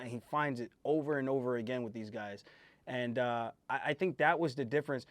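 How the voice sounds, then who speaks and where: Host and fighter, male, emphatic and animated, slightly high voice, dry sound, casual fight talk. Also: brisk, dry recording. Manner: emphatic, animated, swears freely. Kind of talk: casual fight breakdown chat.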